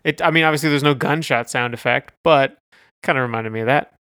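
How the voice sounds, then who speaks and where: A man's voice: medium pitch, fairly quick, pushed and bright, dry recording, clean studio sound. A man co-hosting a music review podcast, talking casually and searching for words as he goes. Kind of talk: casual chat.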